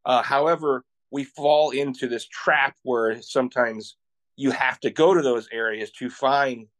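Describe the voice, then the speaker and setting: A man from Iowa, a podcast guest, telling travel stories in an animated, excitable way and laughing often. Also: medium pitch, measured pace. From Iowa, USA. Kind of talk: casual interview storytelling.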